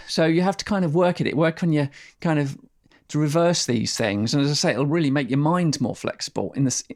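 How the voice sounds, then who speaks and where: Man, didgeridoo teacher, slightly high voice, casual rambling explanation, sounds out syllables.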